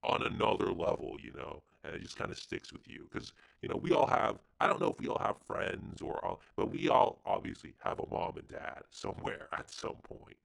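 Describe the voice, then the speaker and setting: A man's voice: mid-range voice, expressive, moderate pace, gravelly, few pauses, poor audio. A man co-hosting a podcast, chatting about films in a hesitant, crude, offhand way. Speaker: podcast co-host. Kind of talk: casual film discussion.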